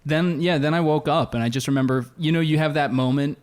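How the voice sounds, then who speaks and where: A man co-hosting a casual podcast, telling a story in an animated way and laughing often. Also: fairly high pitch, fast. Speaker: podcast co-host. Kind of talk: casual chat.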